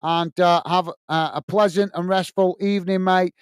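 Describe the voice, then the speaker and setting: In a studio-quality recording with no echo, an English man hosts a football watch-along and reads out viewer comments. His high, smooth voice holds a steady tone at normal speed, and he's chummy, heavy on the uhs, calling everyone mate.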